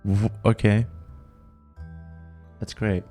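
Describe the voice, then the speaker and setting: A man streaming a text adventure game, casually reading the story aloud and pausing with fillers as he types his next moves. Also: fairly low pitch, little pitch movement, warm tone, soft background music. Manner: casual, reads game text quickly, trails off with fillers while deciding moves.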